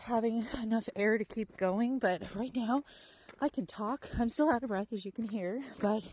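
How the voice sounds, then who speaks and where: A woman's voice: fairly high pitch, a little hiss or hum. Gushing woman vlogging on a hike. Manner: gushing, enthusiastic. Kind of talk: casual hiking vlog narration. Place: outdoor forest trail.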